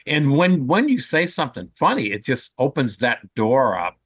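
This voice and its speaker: With a mid-range, slightly rough voice at normal speed and no room sound, a comedian guest in his sixties spins casual, chatty stories full of jokes and animation.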